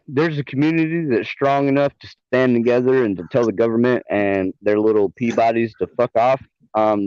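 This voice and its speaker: A man's voice: medium pitch, a little mellow, no echo, highs cut off. A man with a Southern US accent, chatting casually and profanely on a livestream, laughing often. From American South. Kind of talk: casual chat.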